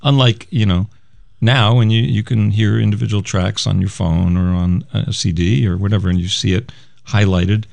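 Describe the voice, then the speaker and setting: A man's voice: on the low side, steady tone, moderate pace, gravelly, a little mellow, no echo. A man co-hosting a music radio show, chatting casually and rambling as he reads out old album liner notes. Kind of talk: casual chat about music records.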